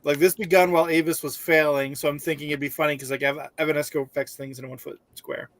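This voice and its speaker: A man playing in a tabletop game, with a deadpan way of talking. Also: on the high side, quick pace. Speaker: player. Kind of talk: casual tabletop play.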